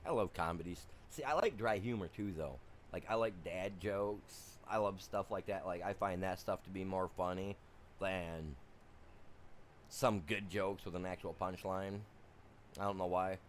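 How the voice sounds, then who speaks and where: A man chatting loosely on a game livestream, wandering from story to story and chuckling along the way. His voice sits a little on the low side. A faint hiss of noise stays underneath. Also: unhurried. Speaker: game streamer. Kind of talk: casual chat during a livestream.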